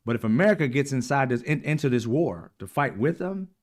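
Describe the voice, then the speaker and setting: A man hosting his own channel, talking in a casual, blunt monologue with frequent swearing and repeated throat clearing. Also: medium pitch, lively intonation, fairly quick, a little mellow. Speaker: channel host.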